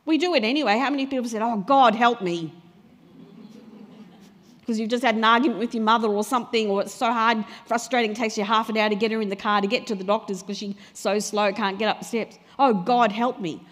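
Woman, preacher, earnest sermon delivery with slow emphatic repeats; long church reverb. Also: on the high side, fairly even intonation, a bit bright.

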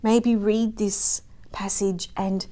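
A woman shares a faith story in a devotional talk. She speaks earnestly, and her voice drops to a soft hush at the tender parts. Her pitch sits in the middle for a woman. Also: level tone, slow pace. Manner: earnest storytelling, softening to a hush at moving moments. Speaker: Christian speaker.

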